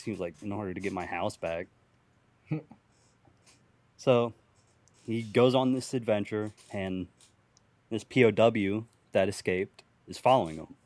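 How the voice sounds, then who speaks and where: Low-voiced young man rambling a profane story. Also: no room sound. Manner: rambling, profane, laughs at own jokes. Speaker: podcast host telling an improvised story. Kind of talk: casual improvised storytelling.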